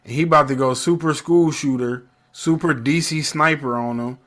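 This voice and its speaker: A man casually recapping a show episode, animated and acting out characters' lines as he tells it. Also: fairly high pitch, normal speed. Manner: animated, acts out lines in character voices, laughs often. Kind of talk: casual reaction chat.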